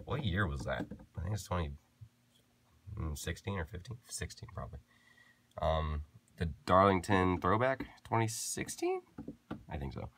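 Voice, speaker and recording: A man's voice: sits low, fairly bright tone, dry recording. A young man casually showing his diecast car collection to viewers, rambling, correcting himself and joking as he goes. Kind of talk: casual chat to camera.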